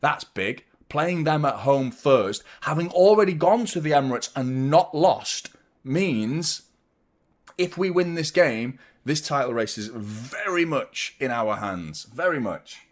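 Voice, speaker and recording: Rambling jokey football stream host. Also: male voice, medium pitch, lively intonation, measured pace, hardly any pauses. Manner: rambling, jokey, reads out viewer shout-outs. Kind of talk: casual live-stream chat.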